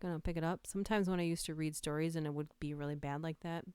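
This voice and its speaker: A woman's voice: low-pitched, steady tone, quick pace, mellow, clear, resonant tone, no room sound. A woman hosting a casual livestream from home, chatting and giggling, with a slightly stuffy nose from allergies. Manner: giggly, chatty, whispers the creepy lines. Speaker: livestream host. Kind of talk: casual livestream chat, reading creepy lines aloud. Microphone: close microphone.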